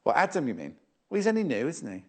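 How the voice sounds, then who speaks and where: Lively chatty British TV presenter man. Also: fairly high pitch, fast. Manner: chatty, teasing, repeats prices. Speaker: shopping channel presenter. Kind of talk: live shopping demo.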